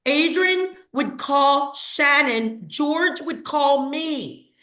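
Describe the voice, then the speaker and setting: Earnest high-voiced woman in echoey room. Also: expressive, extremely slow, bright, forceful tone. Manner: earnest and emotional. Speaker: team leader thanking her mentors. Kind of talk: heartfelt talk on a group video call.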